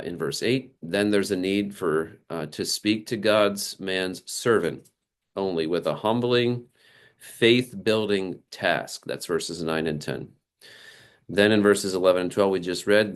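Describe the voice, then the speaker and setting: Guy preaching a sermon, lowish voice, animated, jumps into character voices and chuckles a lot. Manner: animated, acts out quoted characters, laughs often. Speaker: pastor.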